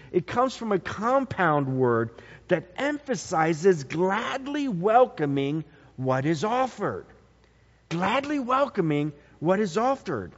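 A man preaching an expository sermon, emphatic, repeating key phrases and swinging between soft and loud. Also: sits high. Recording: dull lo-fi sound with long hall reverb.

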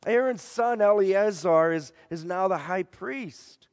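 High-voiced man preaching in a reverberant hall. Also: takes it slowly, few pauses. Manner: theatrical, swings between loud declarations and hushed lows. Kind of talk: dramatic storytelling sermon. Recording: long reverb of a large hall.

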